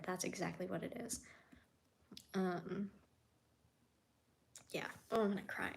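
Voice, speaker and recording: A woman, an animal keeper chatting casually on a live stream and reading comments, heartfelt and soft-spoken, often sinking to a near whisper. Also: on the low side, fairly even intonation, slow, creaky, long pauses, a little hiss or hum.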